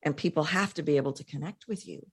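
A woman's voice: sits low, fast talker, slightly rough. A woman voice coach speaking emphatically as a guest in an interview.

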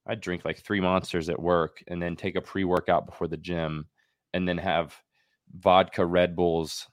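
A man's voice: deep voice, flat delivery, unhurried, no room sound, studio quality. A young man hosting a podcast interview, chatty and loose, laughing often and full of fillers. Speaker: podcast host. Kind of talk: casual interview chat.

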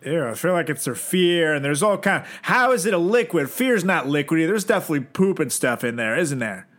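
A man in his thirties co-hosting a podcast in casual, crude, joking chat, now and then dropping into a low put-on voice. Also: lively intonation, fairly quick, a bit bright. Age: 30s. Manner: goofy, crude, drops into a low joke voice. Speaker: podcast co-host.

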